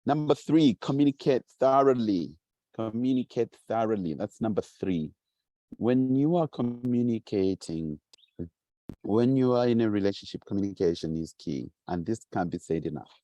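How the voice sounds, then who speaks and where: A man's voice: on the low side, lively intonation, moderate pace, mellow, no room sound, lo-fi sound. A man giving a motivational teaching talk, emphatic and repetitive, acting out quoted voices. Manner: emphatic, repeats key phrases, acts out quoted voices.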